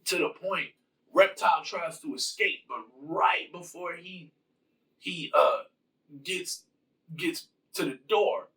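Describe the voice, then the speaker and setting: Dude slowly rambling through his movie rewrite, gravelly, kinda far from the mic. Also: on the high side, fairly bright tone. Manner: rambling, slangy, full of fillers. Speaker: channel host. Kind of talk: casual movie rewrite retelling.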